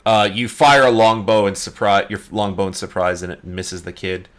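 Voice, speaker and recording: A man narrating and ruling a tabletop game as dungeon master, explaining rules in a relaxed way with frequent pauses. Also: fairly low pitch.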